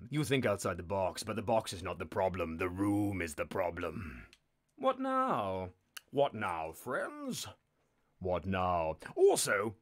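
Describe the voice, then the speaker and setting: A man hosting a live text adventure game, narrating in a sardonic, mock-menacing, sweary way. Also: on the low side.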